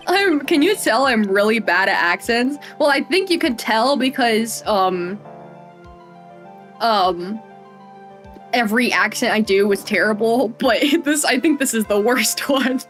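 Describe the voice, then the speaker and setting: A woman's voice: on the high side, animated, measured pace, fairly bright tone, soft background music. A young woman streaming a video game, chatting casually and giggling at herself. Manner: giggly, chatty, self-mocking. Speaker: VTuber streamer. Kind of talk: casual gaming stream chat.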